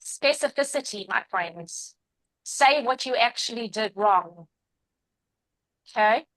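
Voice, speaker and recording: A woman's voice: a little high, lively intonation, takes it slowly, a bit bright, low-quality recording. A woman in her forties teaching an interactive class, upbeat and encouraging, calling on participants by name.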